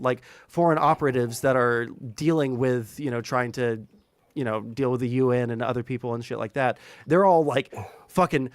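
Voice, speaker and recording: A man's voice: a little high, no room sound. A man streaming, talking politics in a casual, profane, rambling way full of filler words.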